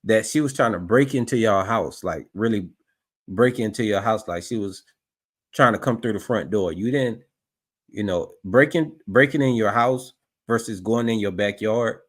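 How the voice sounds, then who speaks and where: Low-voiced skeptical male commentator. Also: moderate pace. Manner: doubtful, repeats himself, calls the story shaky. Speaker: commentator reacting to footage.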